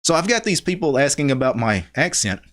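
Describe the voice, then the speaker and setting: Middle-aged Louisiana man, host of a relaxed live stream, easygoing and chatty, mid-pitched voice, reads out viewer comments. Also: a little fast. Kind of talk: casual live stream chat.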